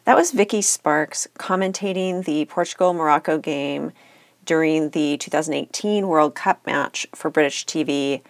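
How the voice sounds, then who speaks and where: A woman's voice: low-pitched, moderate pace, a little hiss or hum. A woman hosting a solo podcast, talking in an earnest, explanatory way. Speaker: podcast host.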